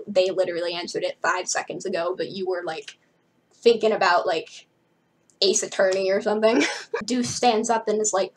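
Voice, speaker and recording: A young woman reading a novel aloud and breaking off for wry, chatty asides, raising her pitch to voice the characters. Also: slightly rough, low-quality recording. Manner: chatty, wry, quick to laugh at the book; drops to a hushed voice now and then. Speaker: book reader and commentator.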